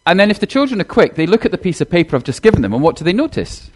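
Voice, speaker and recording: Animated man giving a sermon. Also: high-pitched, racing. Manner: chatty, animated, addresses congregation directly. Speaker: minister. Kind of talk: sermon with children's talk. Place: church.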